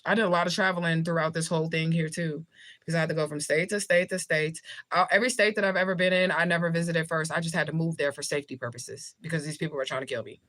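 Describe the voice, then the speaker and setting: A woman's voice: deep voice, fairly even intonation, quick pace, fairly bright tone. A woman hosting a livestream, chatting casually and answering viewer comments in a blunt, heavily profane, jokey way with frequent laughter. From United States. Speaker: livestream host, spiritual reader.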